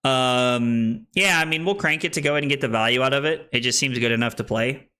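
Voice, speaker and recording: A young man live-streams a card game, narrating his plays and joking with chat in a playful, self-deprecating way. His mid-range voice moves a little fast and sounds pushed, bright, and smooth.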